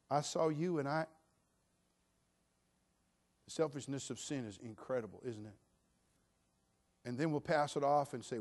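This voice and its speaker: A man preaching a sermon, dropping to a hush and then building to loud, fervent shouts. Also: medium pitch, unhurried, long pauses. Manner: dynamic preaching, swinging from hushed to shouting. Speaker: pastor.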